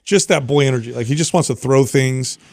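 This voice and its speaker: A man's voice: medium pitch, fairly quick, gravelly, a little mellow, no room sound, clean studio sound. A man in his thirties, a podcast co-host, telling a story in casual chat and acting out the quotes.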